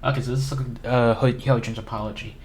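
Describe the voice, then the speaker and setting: A man of middle pitch reads a long document aloud for his commentary channel. He stumbles over words, restarts lines and fills pauses as he goes, and breaks off now and then to add remarks of his own. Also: fairly even intonation, a little mellow. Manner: halting, stumbling reading with filler words. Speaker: YouTube commentary host.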